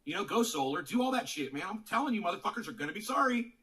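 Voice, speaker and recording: A man's voice: high-pitched, very animated, rapid-fire, fairly bright tone. A man streaming, delivering a profane, preachy rant to his viewers, repeating himself and swearing a lot. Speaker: streamer in an earlier clip. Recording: voice distant from the mic.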